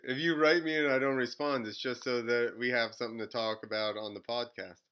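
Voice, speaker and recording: A man's voice: medium pitch, steady tone, brisk, fairly bright tone, clear, resonant tone. A man hosting a podcast in casual chat, joking, laughing often and telling stories. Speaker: podcast host.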